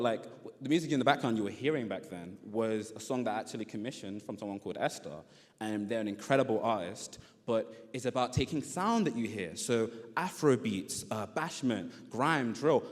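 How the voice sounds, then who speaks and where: A young man, giving an animated conference talk and often laughing. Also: lowish voice. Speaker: conference speaker. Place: conference hall. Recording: long hall reverb.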